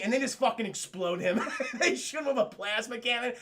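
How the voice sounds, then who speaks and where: A man streaming a spoiler-heavy film recap to his live chat, excitable and profane, laughing often and acting out the characters' lines. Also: very high voice, fairly quick. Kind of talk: animated spoiler recap with quoted character voices.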